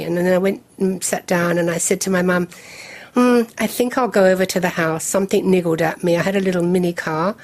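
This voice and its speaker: A woman in her seventies tells her story to an interviewer. Her voice sits a little low, and she walks through events step by step in a measured, detailed way. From England. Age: 70s. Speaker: guest. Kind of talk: recounting a personal memory in an interview.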